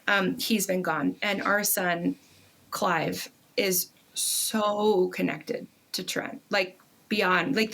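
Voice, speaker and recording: A middle-aged woman speaking as a guest on a podcast, at an ordinary mid pitch for a woman. She tells a personal story in a casual, animated way, and swearing slips in now and then.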